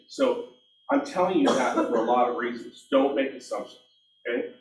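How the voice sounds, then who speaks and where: Animated man training a sales team. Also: mid-range voice, normal speed, a little hiss or hum. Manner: animated storytelling, acts out dialogue, self-mocking. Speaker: real estate team trainer. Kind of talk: team meeting training talk. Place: meeting room. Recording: echoey room, distant mic.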